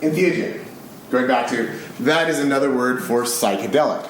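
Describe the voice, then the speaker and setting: A man from the United States, giving a live public lecture in an excitable, animated, casually profane way. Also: mid-range voice, moderate pace, slight background noise. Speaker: speaker giving a public talk. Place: large concert hall with an audience. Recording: very echoey live hall recording.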